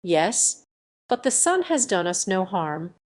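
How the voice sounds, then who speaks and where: A woman's voice: mid-range voice, sing-song, slow. A woman voicing a grave, merciful older male nobleman in an audiobook, speaking in a solemn, restraining way.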